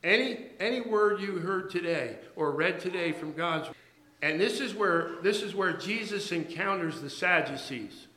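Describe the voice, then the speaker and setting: A man in the pulpit delivering a sermon with a bright, forceful voice that sits a little high. He stumbles and repeats words as he builds toward each point, and the church room around him rings with echo. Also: expressive. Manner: halting, repeats and restarts words, emphatic preaching. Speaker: pastor.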